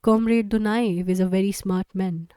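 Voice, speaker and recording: A woman's voice: medium pitch, steady tone, moderate pace, mellow, clean tone, no echo, natural voice. A woman reading the part of a stern female party official, cold and authoritative.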